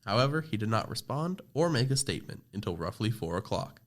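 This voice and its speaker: A man's voice: on the low side, very animated, brisk. A teenage boy narrating a scripted school project podcast, reading steadily with small slips and restarts. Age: teens. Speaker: student presenter.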